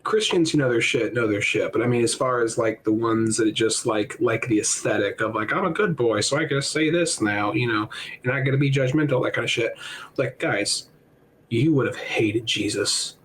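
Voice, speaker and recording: A man's voice: mid-range voice, normal speed, fairly bright tone, husky, poor audio. A man co-hosting a casual podcast, telling stories in a profane way with frequent restarts. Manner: profane storytelling with restarts and laughs. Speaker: podcast co-host.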